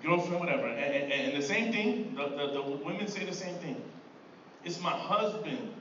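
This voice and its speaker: A man's voice: a little high, brisk, a bit bright, muffled recording. A middle-aged man preaching a sermon to his church in a conversational way, often repeating words and asking "right?". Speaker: pastor. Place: church sanctuary. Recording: distant echoey room mic with background noise.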